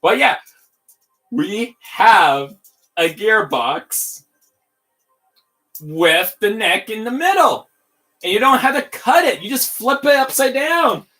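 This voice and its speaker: A man hosting a casual livestream tutorial, talking in an excitable, giddy, rambling way. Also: sits high, slow pace, long pauses, faint music behind. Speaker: livestream host building toys.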